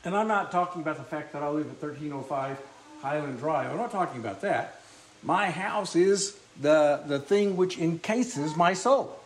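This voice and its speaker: A man delivers a sermon in a high voice, asking his congregation questions as he goes. He coughs now and then and keeps clearing his throat. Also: animated, moderate pace. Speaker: preacher.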